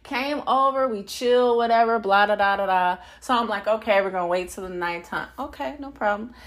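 A young adult woman hosting a solo podcast, talking bluntly and profanely in an animated, laughing monologue. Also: mid-range voice, a little fast. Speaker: podcast host.

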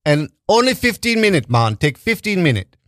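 A man putting on a deliberately clumsy, exaggerated Jamaican accent to voice a repairman on the phone. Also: high-pitched, big pitch swings, fairly bright tone, dry recording, studio quality, pitched above the performer's own voice. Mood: laid-back.

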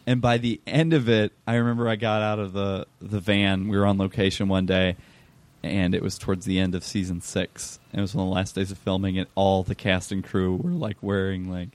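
A man speaking as a podcast guest, sharing anecdotes in a relaxed, joking manner. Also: low-pitched, fairly quick, no echo. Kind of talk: casual chat.

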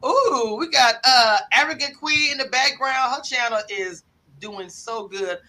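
A high-pitched man with a very bright, ringing tone hosts a live video panel. He hypes up each guest with affectionate, energetic introductions. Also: unhurried. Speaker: host.

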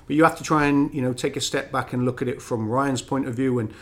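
Welsh guy, ex-footballer, thinking things through calmly on a podcast. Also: mid-range voice. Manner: measured, reflective. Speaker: former footballer, guest. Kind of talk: casual football punditry.

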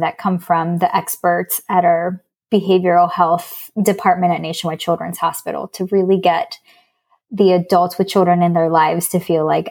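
A woman in her thirties, a psychologist, explaining in an earnest, measured way and often restarting her words. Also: lowish voice, darkish tone. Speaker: child psychologist guest. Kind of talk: explanatory interview talk.

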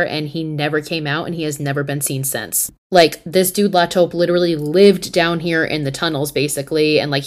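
A woman hosting a podcast, recapping a horror movie in a casual, animated, profane and slangy storytelling manner. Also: sits low. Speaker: podcast host.

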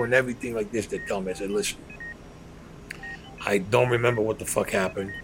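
A man's voice: medium pitch, steady tone, quick pace, a little hiss or hum. A man telling a blunt, profane story as an interviewee, acting out the dialogue as he goes. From New York. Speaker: former mobster interviewee.

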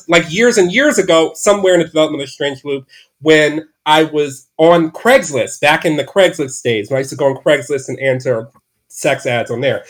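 A man's voice: fairly high pitch, fairly bright tone. A man as a podcast guest, telling a candid personal story from his bedroom at home, rambling with many "like" fillers and restarts.

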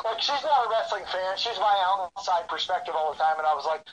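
A man's voice: high voice, a little fast, a little hiss or hum, poor audio. A middle-aged man, a wrestler being interviewed, telling his story candidly with lots of restarts and fillers. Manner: animated, full of restarts and fillers, acts out quoted voices. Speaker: guest, professional wrestler.

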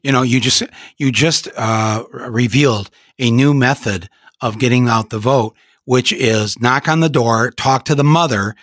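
A man's voice: medium pitch, unhurried, a bit bright, no echo, clean studio sound. A man in his sixties hosting a casual interview, enthusiastic and reflective, often restarting his sentences. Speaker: host.

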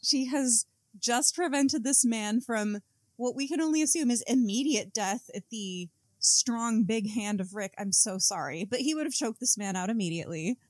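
A woman's voice: a little high, lively intonation, normal speed, darkish tone, no echo. A woman co-hosting a casual book-club podcast, quoting the book with wry mock outrage. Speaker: podcast co-host.

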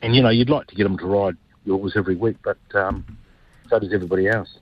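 A man's voice: lowish voice, quick pace, husky. A man, a racehorse owner telling stories in a casual radio interview, rambling and restarting as he goes. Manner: chatty, rambling with restarts, animated when telling anecdotes. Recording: dull lo-fi phone-like line.

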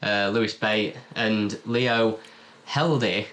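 A man's voice: lowish voice, moderate pace, pushed and bright. A man presenting a podcast in casual chat, leading the topics and laughing easily.

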